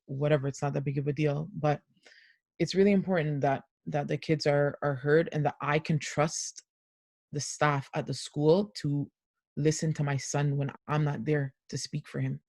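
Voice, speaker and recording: A woman's voice: sits low, fairly even intonation, a little slow, a little mellow, no echo, studio quality. Earnest mother on a panel. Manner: earnest, heartfelt. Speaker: parent panelist. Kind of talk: panel discussion.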